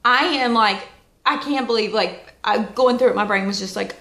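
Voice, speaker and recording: A woman giving casual, chatty wellness advice as a vlogger, folksy and lively with plenty of asides. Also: mid-range voice, normal speed, roomy sound. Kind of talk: casual motivational talk.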